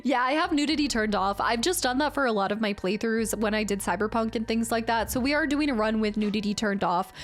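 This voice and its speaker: Chatty woman streamer, fairly high voice. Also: fairly quick, hardly any pauses, soft background music. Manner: chatty, laughs often, answers chat by name. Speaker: game streamer. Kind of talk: casual chat reading viewer comments.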